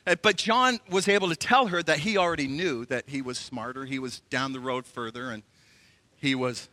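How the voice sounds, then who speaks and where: A man's voice: fairly high pitch, a little fast, no echo, long reverb tail. A middle-aged man preaching a sermon as pastor, telling stories and acting out the voices of people in them. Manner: animated storytelling, acts out voices.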